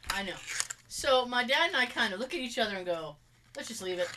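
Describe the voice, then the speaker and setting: A woman from Massachusetts with a Massachusetts accent, telling a story in casual chat with lively sound effects. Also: a little high, a little fast, noisy background.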